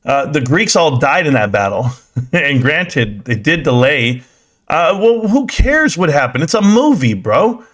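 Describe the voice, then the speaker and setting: A young man hosts a live stream, slangy and joking as he reads the chat out loud. His voice sits a little high for a man. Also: very animated, unhurried.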